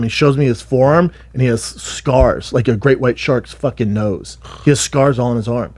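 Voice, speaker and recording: A man's voice: medium pitch, a little fast, hardly any pauses, dry recording. A man telling rambling, profane stories in a casual podcast chat. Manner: rambling, profane, animated storytelling with restarts. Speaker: podcast guest, former fighter.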